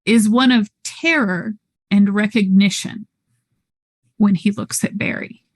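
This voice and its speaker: Slow, measured woman storyteller. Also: mid-range voice. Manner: measured, descriptive narration. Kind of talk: narrating a tabletop game.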